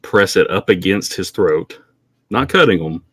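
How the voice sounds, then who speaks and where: A man's voice: low-pitched, expressive, unhurried, fairly bright tone, husky. A man playing a tabletop role-playing game, talking in a casual, blunt way. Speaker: player.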